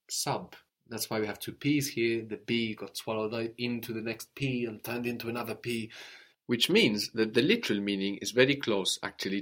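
Patient male language teacher, lowish voice. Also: fairly bright tone. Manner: patient, explanatory, prompts the student with questions. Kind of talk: interactive language lesson.

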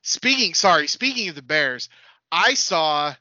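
A man on a casual sports podcast with a very bright, sharp voice. His pitch rises and falls a lot, sitting a bit high, and the recording is dull and lo-fi. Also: very animated, measured pace, dry recording. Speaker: podcast co-host. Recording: dull lo-fi podcast audio, dry.

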